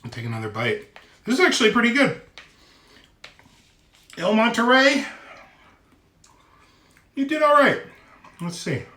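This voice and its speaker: A man casually tasting and reviewing a microwave meal on his own channel, chatty and given to loud exclamations. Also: very high-pitched, huge pitch swings, measured pace, long pauses, reverberant. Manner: chatty, exclaims loudly at hot bites. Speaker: food vlogger. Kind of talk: casual food review vlog.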